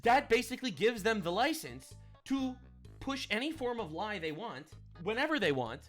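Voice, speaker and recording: A man's voice: high voice, big pitch swings, moderate pace, a bit bright, soft background music. A man hosting a commentary show, ranting emphatically and tagging his points with "all right?". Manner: emphatic, preachy, keeps adding "all right?". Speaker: commentary host. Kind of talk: reaction commentary rant.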